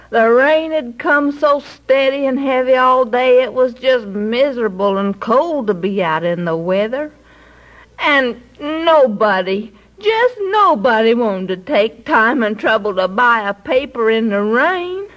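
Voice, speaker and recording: A woman telling a story aloud in a slow, expressive, homespun way. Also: fairly high pitch, muffled recording.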